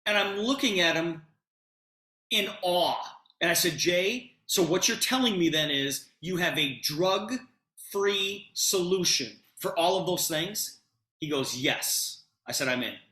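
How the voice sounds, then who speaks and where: A middle-aged man retelling a conversation to an audience with lots of expressive emphasis. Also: high voice, takes it slowly, reverberant. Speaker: presenter telling a personal story. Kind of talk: animated storytelling to an audience.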